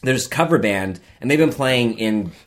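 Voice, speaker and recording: A man's voice: mid-range voice, lively intonation, moderate pace. A man in his forties from the Phoenix area, co-hosting a podcast in casual, joking, rambling chat. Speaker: podcast co-host.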